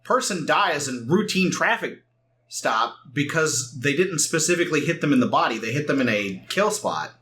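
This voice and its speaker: A man doing casual let's play commentary, animated and quick to laugh. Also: a little high, slight background noise. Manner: animated, laughs often, breaks into excited exclamations.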